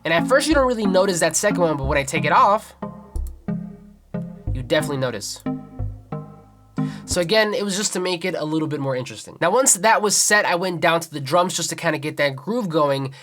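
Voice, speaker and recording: A man's voice: a little high, fairly quick. Man explaining a beat over music. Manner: relaxed explanatory, counts beats aloud. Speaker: music producer teaching. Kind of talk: tutorial walkthrough. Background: beat playback music.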